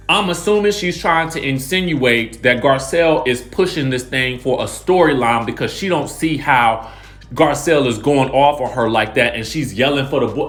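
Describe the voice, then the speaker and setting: Animated gossip recap guy, slightly high. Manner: animated, emphatic, slangy. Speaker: celebrity gossip YouTuber. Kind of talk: reality TV recap commentary.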